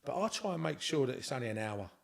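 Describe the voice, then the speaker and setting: A man's voice: medium pitch, very animated, fast talker, creaky. A man with a London accent tells a long personal anecdote as a podcast guest. His delivery is casual and heartfelt, circling back on itself as he goes. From Scotland. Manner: earnest, rambling anecdotal storyteller. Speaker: interview guest. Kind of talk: casual storytelling.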